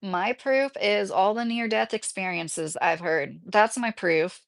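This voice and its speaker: A woman's voice: medium pitch, a little slow, gravelly. A woman livestreamer reading out chat comments and answering them in a heated, casual way.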